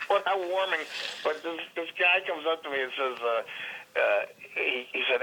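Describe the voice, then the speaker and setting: A man's voice: on the high side, wildly swooping pitch, slow pace, vocal fry, pauses often, pushed and bright, poor audio. A middle-aged man, a comedian guest, telling rambling, frank, self-mocking stories in an interview. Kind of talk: candid storytelling interview.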